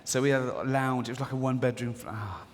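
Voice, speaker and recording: A man's voice: mid-range voice, steady tone, quick pace. A man doing live stand-up, chatty and storytelling, slipping into the voices of people in his anecdotes. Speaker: stand-up comedian. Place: large theatre stage. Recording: live hall reverb with faint audience ambience.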